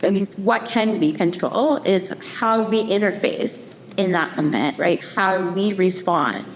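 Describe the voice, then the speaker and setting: A woman's voice: medium pitch, a little slow. Earnest woman panelist in a reverberant hall. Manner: earnest, rhetorical questions with "right?". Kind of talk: panel discussion. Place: community event hall. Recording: echoey hall, faint background noise.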